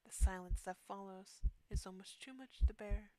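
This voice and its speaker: A woman streamer reading a horror game's text aloud, slow and deliberate, often dropping to a hushed near-whisper, with quick asides between passages. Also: mid-range voice, poor audio.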